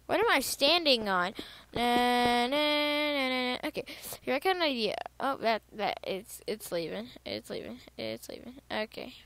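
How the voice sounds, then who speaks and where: Rambling high-voiced woman gaming. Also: normal speed, hardly any pauses. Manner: rambling, excitable, repeats herself while figuring things out. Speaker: gaming video creator. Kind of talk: casual gameplay commentary. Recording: loud background noise over voice.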